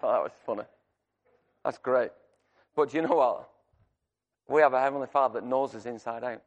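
A man's voice: medium pitch, a little fast, pauses often, lo-fi sound. A man preaching a sermon, emphatic and repeating his key phrases for the congregation. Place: church. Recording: long reverb church hall.

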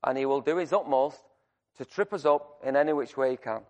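A man's voice: medium pitch, fairly quick. A man preaching a sermon, emphatic and repeating his key phrases for the congregation. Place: church. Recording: long reverb church hall.

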